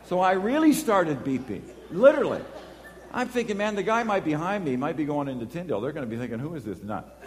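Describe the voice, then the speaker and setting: A preacher delivers a sermon with an animated storytelling manner, acting out dialogue as he goes. His voice rings out in a hall with a long, lingering reverb. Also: fairly high pitch, fast. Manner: animated storytelling, acts out voices and horn beeps.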